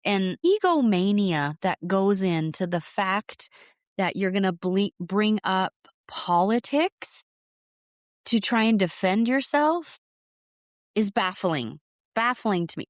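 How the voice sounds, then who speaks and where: A woman's voice: medium pitch, big pitch swings, dry recording, studio quality. A woman co-hosting a podcast, bluntly giving her opinions on reality TV in casual chat. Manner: blunt, emphatic, quick agreements. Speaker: podcast co-host.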